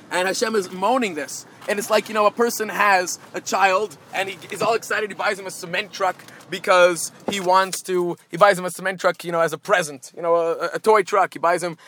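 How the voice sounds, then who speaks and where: High-voiced man teaching a Talmud class. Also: bright, forceful tone. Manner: halting, with many repeated filler words. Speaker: Torah teacher. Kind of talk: Talmud lesson, translating Hebrew and Aramaic phrase by phrase.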